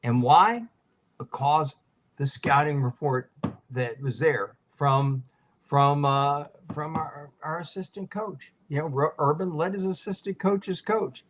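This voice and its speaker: A man with a slightly raised pitch talks eagerly through game plays and coaching details. He is a sports writer chatting casually on a talk show, piling on specifics as he goes. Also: slow. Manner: eager, detail-heavy recounting of games. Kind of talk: casual chat.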